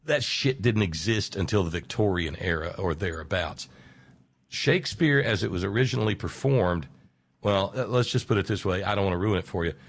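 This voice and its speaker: Low-voiced man explaining at length. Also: lively intonation, gravelly. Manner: explanatory, drawn-out emphasis on key words. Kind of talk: casual radio conversation.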